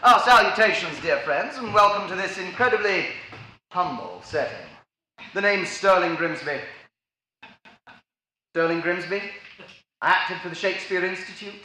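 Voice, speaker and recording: A man's voice: high voice, moderate pace, long pauses, bright, forceful tone. A man playing a pompous, condescending English stage actor in a theatrical manner. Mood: haughty. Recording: echoey theater stage with faint noise.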